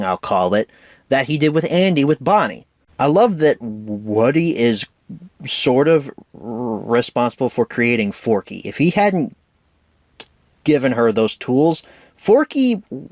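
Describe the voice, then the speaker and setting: A man's voice: medium pitch, dry recording, studio quality. A man giving an enthusiastic, opinionated casual film review as host of his own show.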